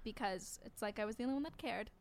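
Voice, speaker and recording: Animated young woman telling a story. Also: fairly high pitch, fast talker. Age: young adult. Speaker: podcast co-host. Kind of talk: casual chat, storytelling.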